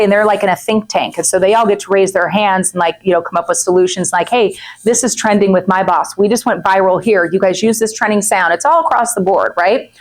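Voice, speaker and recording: A woman in her forties leads a chatty masterclass for a group. She talks fast and loose, stopping often to check in with the room. Her voice sits in a middle pitch. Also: rough recording. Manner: chatty, animated, acts out quoted people; frequent "right?" and "okay?" asides. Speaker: real estate coach.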